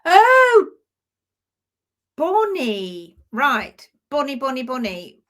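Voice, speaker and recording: A woman with a high, bright voice hosts a casual live stream. She chats easily, laughs often and greets viewers one by one. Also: lively intonation, normal speed.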